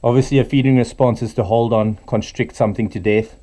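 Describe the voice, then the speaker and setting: A middle-aged man, a reptile keeper, explaining snake care in a relaxed, casual way beside a python enclosure. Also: mid-range voice, brisk. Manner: relaxed, talks softly to the snake.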